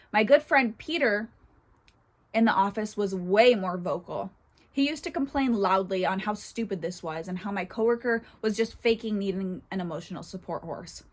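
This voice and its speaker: Chatty woman reading posts aloud. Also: mid-range voice. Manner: chatty, laughs often, animated asides. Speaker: horse channel host reading Reddit posts. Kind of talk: casual reading and commentary.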